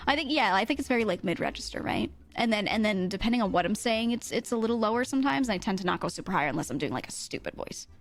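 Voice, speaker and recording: Very animated, the female streamer fires off fast, casual chatter to her audience, full of swearing and laughter. She speaks in a mid-to-low register.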